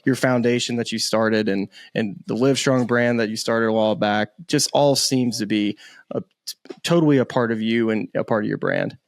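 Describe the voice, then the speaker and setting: A man's voice: lowish voice, fairly even intonation, moderate pace, no echo. A young adult man hosting a casual podcast interview, laughing often and telling easygoing stories. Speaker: podcast host.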